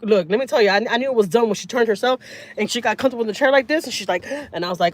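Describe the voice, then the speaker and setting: A woman, telling stories on a casual livestream in a blunt, profane, animated way. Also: mid-range voice, rapid-fire. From Houston, Texas. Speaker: family vlogger. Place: in a truck with windows down. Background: vehicle and outdoor ambience.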